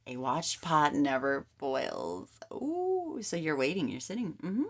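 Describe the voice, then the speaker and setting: Female tarot reader, deep gravelly voice, emphatic and repetitive, slips into soft asides. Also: very animated, takes it slowly, hardly any pauses. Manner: emphatic, repetitive coaching talk. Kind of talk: tarot reading to camera.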